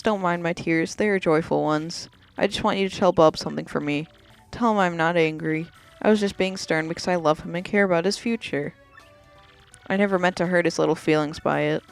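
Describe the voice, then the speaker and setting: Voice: medium pitch, creaky, clear, resonant tone, natural voice. A let's player voicing a stern but tender mother creature in a video game, speaking in a gushing, theatrical way.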